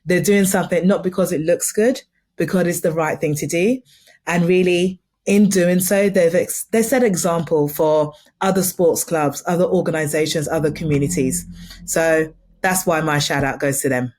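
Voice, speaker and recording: A woman's voice: fairly low pitch, steady tone, normal speed, a little mellow. A woman co-hosting a podcast, talking in an upbeat, chatty way. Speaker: podcast co-host. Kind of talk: casual chat.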